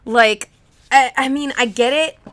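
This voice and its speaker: Playful young woman with a higher voice. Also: unhurried. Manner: animated, playful storytelling. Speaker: comic podcast co-host. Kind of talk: casual chat.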